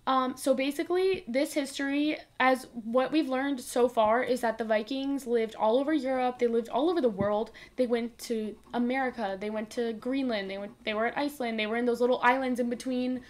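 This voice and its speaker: A woman's voice: fairly high pitch, fairly even intonation, a little fast, few pauses. A woman co-hosting a podcast, explaining a history segment at length in a loose, informal way. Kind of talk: casual chat.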